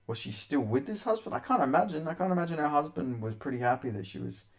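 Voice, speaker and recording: A man's voice: a little high, lively intonation, quick pace, creaky. A young man hosting a casual commentary vlog, talking crudely with lots of swearing, rambling and often laughing. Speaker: MMA commentary host.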